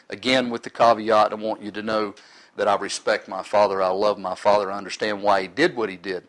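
A man's voice: fairly low pitch, rough recording. A middle-aged man in ministry giving an earnest, sometimes emotional personal testimony to a live audience.

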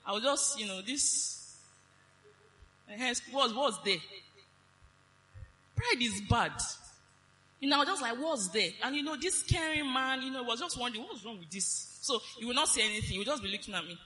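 High, bright-voiced woman preaching in a hall. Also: normal speed, long pauses, a little hiss or hum. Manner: animated, laughing, sing-song emphasis. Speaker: preacher teaching on marriage. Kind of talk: sermon.

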